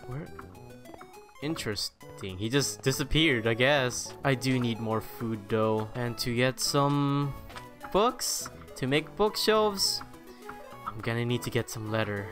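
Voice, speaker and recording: A man giving casual gameplay commentary, excitable and self-mocking, talking to the creatures in his game. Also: mid-range voice, slow. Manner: excitable, self-mocking, talks to the game's mobs. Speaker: gaming YouTuber. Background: background music.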